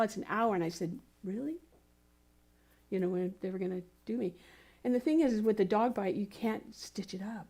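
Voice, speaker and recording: Woman pastor kinda high voice, chatty sermon w personal stories, encouraging the congregation. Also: darkish tone. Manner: conversational, telling personal stories. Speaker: minister. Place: spiritual community center service.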